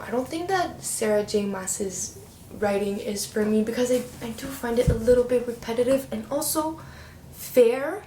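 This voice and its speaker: Young female book vlogger, slightly high voice, chatty and animated, roomy echo, faint hiss. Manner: chatty, expressive, playful slang. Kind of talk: casual book review chat.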